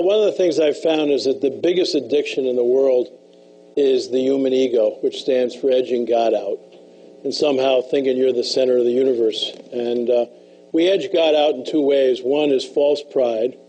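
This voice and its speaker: An older man giving a motivational talk, telling stories in a folksy way and dropping to a hush for emotional lines. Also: mid-range voice, moderate pace, low-quality recording. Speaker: speaker and author.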